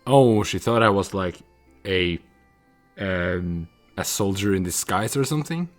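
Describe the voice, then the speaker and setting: A man playing a text adventure game, reading the story out and musing over his choices with hesitant pauses. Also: low voice, lively intonation, soft background music. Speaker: player narrating a text adventure. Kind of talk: reading and thinking aloud.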